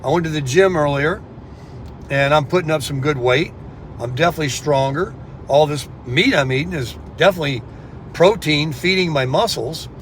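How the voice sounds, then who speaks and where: A man's voice: a little high, normal speed, a little hiss or hum. A man chatting rambly to viewers, calling them folks, recorded outdoors on a phone. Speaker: vlogger. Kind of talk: casual vlog chat. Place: outdoors in a sunny town.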